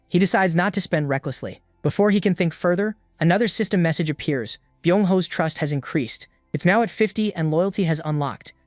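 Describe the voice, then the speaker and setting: A man narrating a comic story recap in a steady, even storytelling manner, recorded close to the mic. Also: a little high, no room sound.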